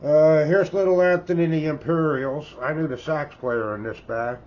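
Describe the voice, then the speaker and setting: This septuagenarian Canadian record collector has a fairly high, slightly mellow voice with fairly even intonation and normal speed. He rambles in a folksy show-and-tell, often adding "eh?", captured in dull lo-fi sound with faint background noise.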